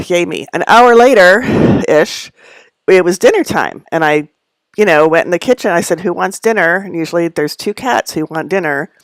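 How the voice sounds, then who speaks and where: A woman's voice: fairly low pitch, expressive, normal speed, no echo, clean studio sound. A middle-aged woman hosting a casual live stream from her home, rambling through asides and laughing often. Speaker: host of a live knitting stream. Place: at home among packed belongings.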